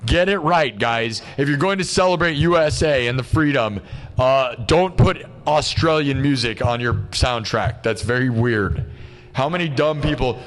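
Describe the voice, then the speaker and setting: A man's voice: mid-range voice, moderate pace. A man hosting a live stream, chatting casually and ranting in exasperation, with lots of "dude" and "bro". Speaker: livestream host. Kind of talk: casual livestream rant.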